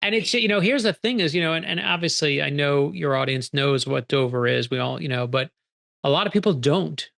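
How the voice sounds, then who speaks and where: Speaking a little fast in a slightly high, somewhat bright voice with vocal fry, a middle-aged male author tells stories during an interview. He's animated and performs the quoted dialogue as he goes.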